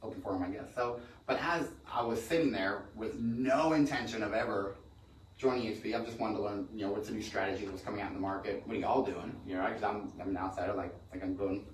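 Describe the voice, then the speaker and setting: With a lowish voice and steady tone, a middle-aged man in real estate rambles rapidly through stories on a casual podcast, frequently restarting. The room is echoey, the mic far away, and there's slight background noise.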